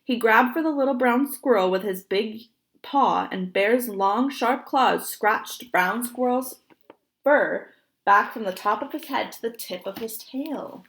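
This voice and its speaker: A young woman reading a picture book aloud, gentle and expressive, pausing to point at the pictures. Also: on the high side. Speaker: storybook reader.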